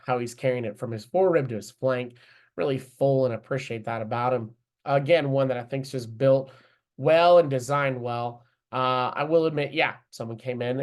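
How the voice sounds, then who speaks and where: Guy talking thru livestock judging placings online, laid back coach, lots of uhs, medium voice. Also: mid-range voice. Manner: casual, coaching, thinks aloud with many fillers. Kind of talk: live online judging lesson.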